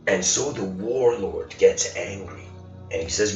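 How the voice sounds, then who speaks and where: A man's voice: lowish voice, a little slow, a little mellow. A man giving a casual storytelling lecture, rambling and acting out the quoted lines with rising intensity. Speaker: spiritual lecturer. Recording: roomy, dull lo-fi recording with faint music.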